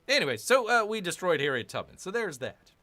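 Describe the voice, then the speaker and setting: A man narrates his strategy game session with a bright, forward tone and a lively, swooping delivery. He grumbles and makes sarcastic asides to his viewers. It sounds like casual commentary recorded at home. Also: high voice, normal speed. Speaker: gaming channel host.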